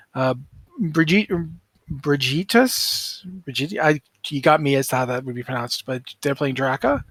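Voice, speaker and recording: Middle-aged male podcast co-host, rambling and self-correcting, slightly high voice, dry close mic. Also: fairly bright tone, no room sound. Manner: rambling, self-correcting, apologetic about names. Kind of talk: casual podcast chat.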